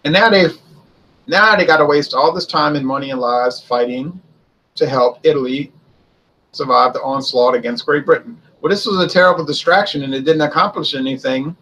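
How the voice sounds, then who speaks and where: Male host, husky, informal history commentary, conversational with rhetorical questions. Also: a little high, moderate pace, sharp tone, low-quality recording. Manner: conversational, poses and answers his own rhetorical questions. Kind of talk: casual spoken history commentary.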